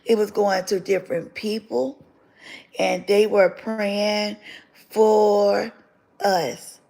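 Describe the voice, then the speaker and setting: A woman's voice: mid-range voice, steady tone, takes it slowly, vocal fry, mellow, poor audio. A woman on a livestream giving an emotional spoken testimony, fervent and repeating phrases for emphasis. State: tearful at times. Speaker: livestream host sharing her testimony.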